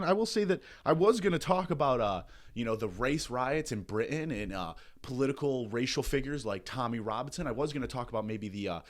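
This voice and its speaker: Sarcastic, profane male comedy host. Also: medium pitch. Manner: sarcastic, rambling, profane, with frequent laughs and restarts. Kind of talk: satirical comedy monologue.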